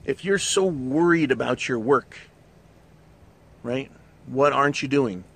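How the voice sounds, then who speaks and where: A man's voice: mid-range voice, measured pace, gravelly, fairly bright tone. A middle-aged man hosting his own show, delivering a blunt, profanity-laced monologue in a ranting manner. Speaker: show host. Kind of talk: opinionated monologue.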